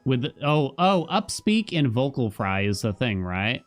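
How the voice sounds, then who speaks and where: Slow, laid-back man streaming a game. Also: medium pitch, very animated, soft background music. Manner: laid-back, chatty, addresses chat, hums along. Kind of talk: casual gameplay commentary.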